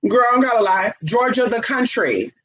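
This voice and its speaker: A woman's voice: on the high side, moderate pace, muffled recording, slight background noise. A woman telling stories in a casual monologue, sassy and brash, calling her listeners honey and slipping into other people's voices. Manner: animated, jumps into quoted voices. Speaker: vlogger.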